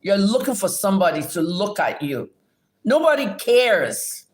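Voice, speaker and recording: A woman's voice: lowish voice, lively intonation, a little fast, a little mellow. A middle-aged woman from Nigeria, hosting a livestream and scolding her viewers in a combative, profane manner. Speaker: livestream host answering viewers. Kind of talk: livestream rant and Q&A.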